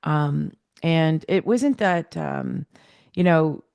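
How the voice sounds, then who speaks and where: A middle-aged woman telling a personal story as a podcast guest, animated and acting out the dialogue she remembers. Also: deep voice, very slow, vocal fry, smooth, no echo, studio quality.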